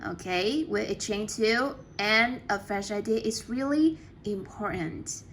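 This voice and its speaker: A woman English teacher in a classroom talks at a slow, unhurried pace and at an ordinary pitch. She is patient and encouraging, and she walks her students through each step clearly. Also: a little hiss or hum.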